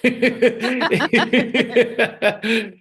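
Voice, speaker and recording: A man's voice: very high voice, little pitch movement, very slow, a crowd in the background. A man hosting a podcast in casual chat, rambling loosely and laughing often. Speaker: podcast host.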